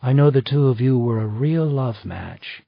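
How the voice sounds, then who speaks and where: A man's voice: mid-range voice, animated, moderate pace, vocal fry, dry recording, pitched above the performer's own voice. A man voicing a poised, chatty female travel writer in an audiobook reading. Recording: slightly dull dry recording.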